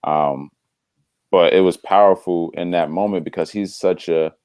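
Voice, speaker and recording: A man in casual conversation telling a story, animated and slangy, acting out the voices of the people in it. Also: low-pitched, moderate pace, dry recording, clean studio sound. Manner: slangy, drops "bro". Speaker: devotional podcast co-host.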